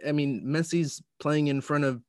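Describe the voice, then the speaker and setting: Measured young man, dry sound. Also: fairly high pitch, fairly even intonation, a little mellow, no room sound. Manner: measured, hedging with "um" and "you know". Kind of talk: casual chat.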